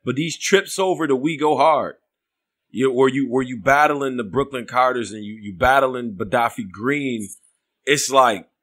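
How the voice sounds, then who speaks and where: A man's voice: mid-range voice, normal speed, fairly bright tone. A man with a New York accent hosting an interview, asking long rambling questions with many restarts. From West New York. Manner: rambling, restarts often, "you know what I'm saying". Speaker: interview host.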